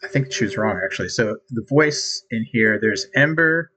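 A man's voice: fairly low pitch, lively intonation, moderate pace, bright, forceful tone, a little hiss or hum, low-quality recording. A man casually testing a voice assistant, talking hesitantly with ums and restarts. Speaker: user testing an AI voice app. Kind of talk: casual chat.

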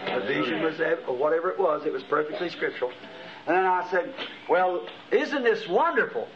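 A man's voice: on the high side, fast, slight background noise. A middle-aged man preaching a sermon, telling a vision as a story with impassioned rising exclamations. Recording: dull lo-fi archival tape.

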